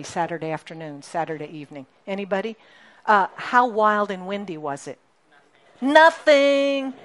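Animated woman preaching a sermon. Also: mid-range voice. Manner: animated, asks the congregation questions, emphatic repetition. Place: church congregation.

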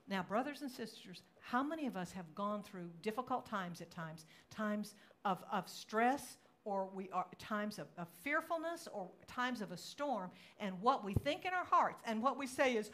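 A woman pastor preaching a sermon, moving between relaxed storytelling and dramatic, loud acted-out quotes. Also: moderate pace. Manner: dramatic, acts out quotes with rising pitch and volume; conversational storytelling with fillers.

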